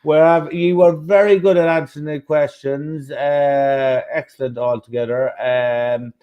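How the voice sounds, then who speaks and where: A man's voice: fairly high pitch, steady tone, measured pace, smooth. Teasing Irish man hosting, lo-fi sound. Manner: teasing, jokey. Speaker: host. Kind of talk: casual interview chat. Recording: dull lo-fi sound.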